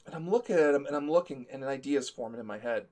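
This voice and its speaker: A man's voice: mid-range voice, expressive, fast talker, darkish tone. A man telling a comic story as a live-stream co-host, talkative, laughing through it and acting out the quotes.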